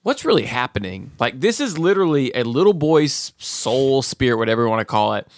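A man's voice: medium pitch, a little fast. A man co-hosting a podcast, recapping a movie in casual chat and acting out the characters' lines. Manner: animated storytelling, acting out quotes. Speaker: podcast co-host.

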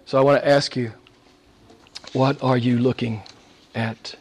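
A man preaching a sermon with passion, asking the same questions again and again, swinging from loud exclamations to hushed near-whispers. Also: medium pitch, fairly even intonation, a little slow, husky. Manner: repeats rhetorical questions. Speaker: pastor.

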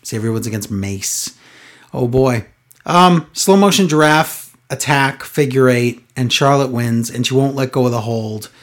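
A man's voice: mid-range voice, unhurried, fairly bright tone. A man co-hosting a casual chat, recapping a show in a sarcastic, exasperated way. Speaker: podcast co-host recapping wrestling.

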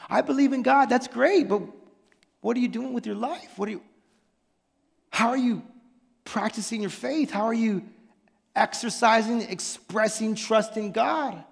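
A man's voice: very high-pitched, vocal fry, a bit bright. A male pastor preaching an emphatic sermon in a church, often breaking in with "listen" and rhetorical questions. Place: church sanctuary. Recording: long church-hall reverb.

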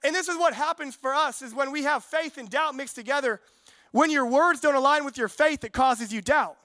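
A man's voice: very high-pitched, moderate pace, pushed and bright, dry recording. A young man preaching a sermon to a congregation, conversational and fervent, acting out quotes from the story and from everyday life. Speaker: pastor.

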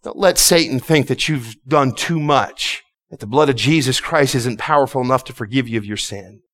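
A man's voice: medium pitch, moderate pace, a bit bright. A man preaching a sermon to his congregation, impassioned and repetitive, often stumbling and restarting his words. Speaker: pastor.

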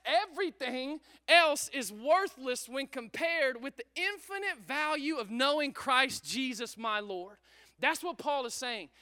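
A pastor preaching a sermon with energy, repeating himself and calling out to the congregation. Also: male voice, extremely high pitch. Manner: energetic, repetitive, calls out to congregation. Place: church service.

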